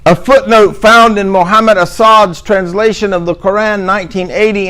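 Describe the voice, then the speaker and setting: A middle-aged man delivers a religious lecture in a fairly high voice. He repeats key points for emphasis and slips in dry, sarcastic asides. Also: a bit bright, rough recording. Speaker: Muslim speaker giving a talk.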